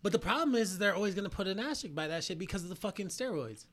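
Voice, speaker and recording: A man's voice: sits high, expressive, rapid-fire, fairly bright tone. A young man hosting a podcast, drinking and chatting, who stammers, repeats words and swears a lot. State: drinking alcohol. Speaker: podcast host. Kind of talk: drinking casual chat.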